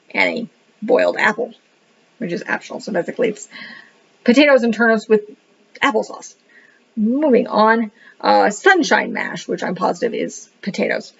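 Gravelly, animated woman reviewing a book. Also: medium pitch, moderate pace, pauses often. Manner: rambling, thinking aloud, says "what the heck" a lot. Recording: dull lo-fi recording.

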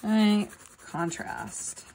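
A woman's voice: mid-range voice, big pitch swings, drawn-out words, gravelly, a little mellow. A woman art teacher talking casually through a drawing demonstration, often checking in with "right?". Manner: casual, tags sentences with "right?".

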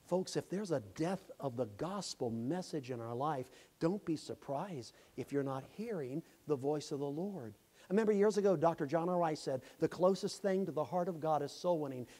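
A man's voice: fairly high pitch, normal speed. Impassioned preacher man. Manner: impassioned preaching, rising to shouts. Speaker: pastor. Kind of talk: sermon. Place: church sanctuary.

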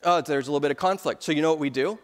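A man in his thirties preaches a sermon as pastor, telling stories with easy humor. His voice sits a little high for a man. It carries a long reverb from a large sanctuary. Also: racing. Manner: storytelling with humor.

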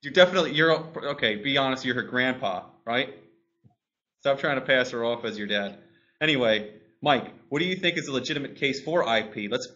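A man's voice: mid-range voice, bright, forceful tone, dull audio. A man hosting a casual panel discussion, asking long rambling questions and stumbling over his words. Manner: rambling, self-interrupting questions. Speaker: host.

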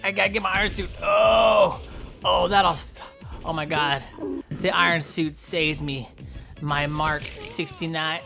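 A man hosting a gameplay video, giving playful, goofy commentary that keeps breaking into yelps and shouts. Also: on the high side, fairly even intonation, unhurried, vocal fry, faint music behind. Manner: goofy, trash-talking, yelps and shouts often. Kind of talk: playful let's-play commentary.

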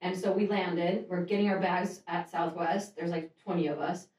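A woman co-hosting a podcast, chatting and chiming in quickly in a casual conversation. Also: lowish voice, steady tone, darkish tone. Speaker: podcast co-host. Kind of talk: casual chat. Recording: echoey room, mic far off.

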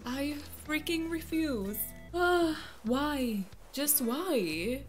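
Animated, high-pitched young woman gamer. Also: drawn-out words, few pauses, faint music behind. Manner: exasperated, dramatic, laughing often. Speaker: gaming vlogger. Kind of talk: casual game commentary.

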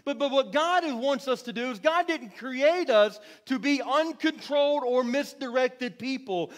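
High-voiced preaching man, rising to shouts. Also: unhurried, few pauses. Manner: repeats words, rising to shouts. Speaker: pastor. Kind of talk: sermon. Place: church sanctuary.

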